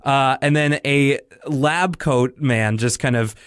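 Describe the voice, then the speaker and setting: A man co-hosting a podcast, casually recapping a cartoon with animated storytelling. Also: medium pitch, slow pace, clear, resonant tone, no echo, studio quality. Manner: animated storytelling, slipping into quoted voices. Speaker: podcast co-host. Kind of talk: casual chat about a cartoon.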